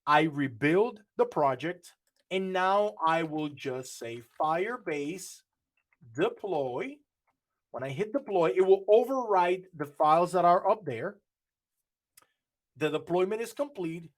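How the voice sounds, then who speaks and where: A man walks students through a live coding demo in an online session. His voice sits a little on the high side, and he explains each step while repeating and restarting phrases. He speaks into a computer mic on a video call. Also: lively intonation, measured pace. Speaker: workshop instructor.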